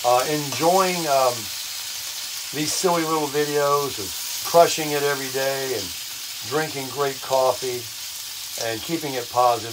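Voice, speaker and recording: An older man hosting a casual vlog while cooking in his camper, upbeat and self-amused, his voice a bit hoarse with frequent throat clearing. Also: mid-range voice, a little slow, noisy background. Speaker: vlog host. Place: camper kitchen. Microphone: phone on a selfie stick. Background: bacon frying.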